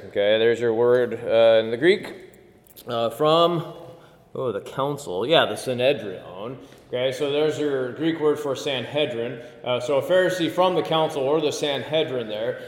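A man teaching a Bible study class in a conversational way, asking the group questions and explaining Greek words. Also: medium pitch. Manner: conversational, asks the class questions, many "okay"s. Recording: echoey room with long reverb.

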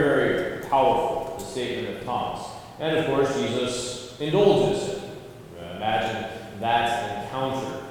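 A man's voice: mid-range voice, a little mellow, slight background noise. A man teaches a Bible study in a large room that rings with long reverb. He sits back from the microphone, so his voice sounds distant. He talks conversationally but with emphasis, often checking in with his listeners. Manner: conversational, emphatic, frequent "okay" and "right". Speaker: pastor leading a Bible study.

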